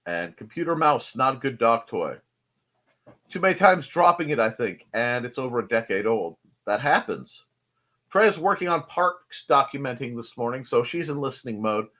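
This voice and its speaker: A man's voice: medium pitch, big pitch swings, moderate pace, pushed and bright. A man hosting a casual live stream from his home desk, rambling and joking and greeting people in the chat. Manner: rambling, jokey, greets chatters.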